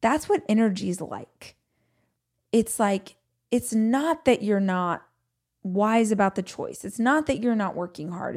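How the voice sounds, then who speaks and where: A woman hosting her own podcast, telling a personal story in a chatty, animated way with lots of "like.". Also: medium pitch. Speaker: podcast host. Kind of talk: casual solo podcast monologue.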